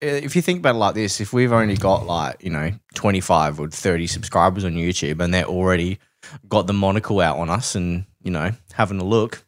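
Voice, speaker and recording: Man, podcast co-host, low voice, dry recording, joking. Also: no echo. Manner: quick, joking, laughs often. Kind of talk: casual chat.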